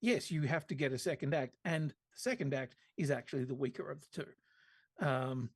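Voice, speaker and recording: A man's voice: mid-range voice, normal speed, husky, no echo. A man co-hosting a podcast in casual chat, talking bluntly and wryly with plenty of swearing. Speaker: podcast co-host.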